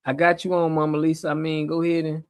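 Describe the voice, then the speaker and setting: A man's voice: a little high, monotone, quick pace, smooth. Easygoing man hosting a live chat. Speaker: host. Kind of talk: casual livestream chat.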